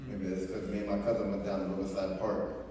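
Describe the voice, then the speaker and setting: Low, mellow man telling stories from afar. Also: little pitch movement, quick pace, slight background noise. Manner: loose, rambling anecdotes with quoted dialogue. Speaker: family member sharing memories. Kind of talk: casual storytelling. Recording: echoey hall from far off.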